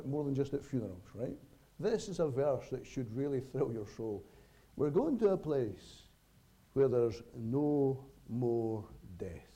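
A man preaching a sermon to his congregation, earnest, with dramatic pauses and sudden swells and drops in volume. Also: mid-range voice, warm tone, slightly rough.

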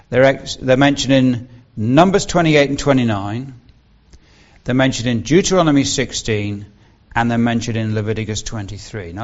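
Earnest preacher, dull lo-fi sound. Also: male voice, medium pitch. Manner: earnest, explanatory, rises and stresses key words. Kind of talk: expository Bible teaching sermon.

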